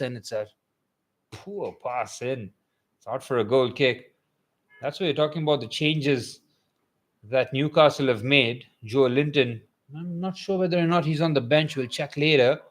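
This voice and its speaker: A young man with a voice on the high side provides excitable live commentary for a fan watchalong. He shifts between calm play-by-play and loud bursts.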